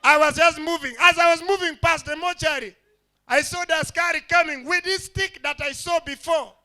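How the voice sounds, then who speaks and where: A man doing stand-up comedy with a high, bright voice. He tells his story with animation and slips into character voices for the people in it, speaking into a stage mic. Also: moderate pace.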